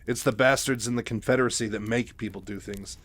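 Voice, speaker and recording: A man's voice: medium pitch, fairly even intonation, fast, fairly bright tone, lightly acted. A man voicing a defiant, bitter woman rebel who talks in a scornful, cutting way.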